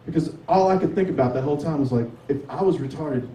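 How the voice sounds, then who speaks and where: A Southern man doing stand-up at an open mic, his voice high-pitched but dark and mellow in tone. He talks in a loose, drawling way and swears freely. He is heard from across an echoey bar, with a faint hum of the room behind him. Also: fast talker, far from the mic. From Tennessee. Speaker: stand-up comedian. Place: sports bar with a light crowd. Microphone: 360 camera from across the room.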